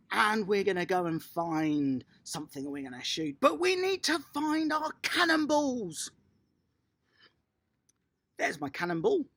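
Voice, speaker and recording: Speaking at medium pitch, a tennis coach runs a lively online lesson for toddlers, staying upbeat and encouraging and praising each child by name.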